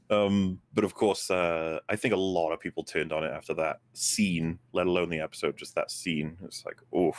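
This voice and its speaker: Deep-voiced laid-back male guest. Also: fairly even intonation, moderate pace, few pauses. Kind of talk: casual livestream chat.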